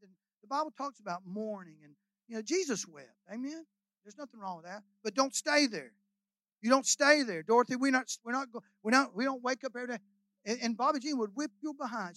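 A man's voice: very high-pitched, a bit bright, dry recording, rough recording. An older man, a guest pastor preaching a sermon in a folksy, emotional, rambling storytelling way full of hallelujahs and amens.

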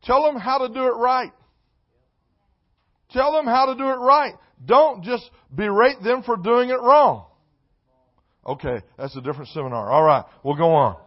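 A man preaching a sermon, repeating key phrases and swinging between quiet asides and shouted emphasis. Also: extremely high pitch, expressive, measured pace. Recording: dull lo-fi sound.

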